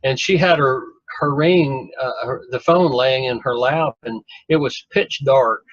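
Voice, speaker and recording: Give me a folksy man telling a rambling story, husky and a bit muffled. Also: mid-range voice, a little slow, no room sound. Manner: rambling, folksy, self-deprecating humor. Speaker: guest telling his story. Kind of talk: casual storytelling. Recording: dull lo-fi dry recording.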